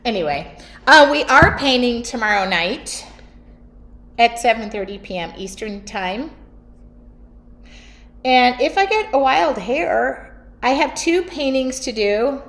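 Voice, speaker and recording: A middle-aged woman hosting her art studio livestream, chatting casually and laughing often in a loud, talkative way. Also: fairly high pitch, lively intonation, slow, long pauses. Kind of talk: casual chat during a livestream.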